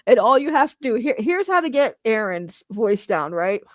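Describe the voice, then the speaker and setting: A woman's voice: a little high, very animated, moderate pace, dry recording, studio quality. A woman doing casual, comedic commentary, giggling often between remarks. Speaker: commentary YouTuber.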